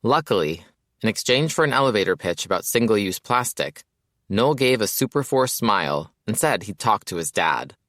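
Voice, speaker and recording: A man reads an audiobook in the first person with a casual, wry way of telling the story. His voice sits somewhat low, and the recording is close and dry with no room sound. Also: very animated, normal speed, a bit bright, no echo. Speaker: audiobook narrator.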